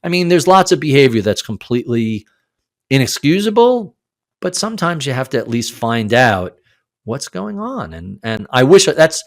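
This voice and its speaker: Animated older man telling a story. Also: mid-range voice, moderate pace. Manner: animated, acts out quoted lines, swears casually. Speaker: podcast guest. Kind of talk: storytelling in a casual interview.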